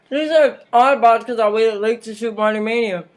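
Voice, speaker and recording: A woman's voice: fairly high pitch, unhurried. A woman hosting a casual home vlog, chatty and rambling, with frequent laughs and mocking asides. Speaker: vlog host. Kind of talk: casual wrestling recap vlog.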